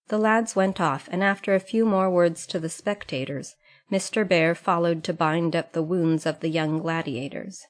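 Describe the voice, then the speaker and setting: Woman reading an audiobook, low and calm. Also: normal speed. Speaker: audiobook reader. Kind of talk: scripted narration.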